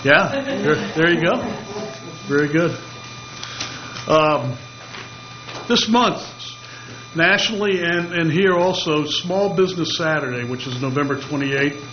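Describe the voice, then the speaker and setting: A man with a slightly raised voice gives friendly community announcements at a public meeting, filling pauses with "uh." The audio is muffled, and a steady hum runs clearly underneath. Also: on the high side. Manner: friendly, frequent "uh" fillers. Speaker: chamber of commerce representative.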